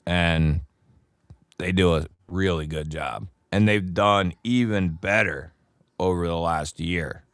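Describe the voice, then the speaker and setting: A man's voice: sits low, slow, a bit bright, dry recording, studio quality. A man hosting a casual livestream, chatting with viewers and greeting them by nickname. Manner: greets chat viewers by nickname, laid-back and chummy. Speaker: livestream host. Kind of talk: casual live chat with viewers.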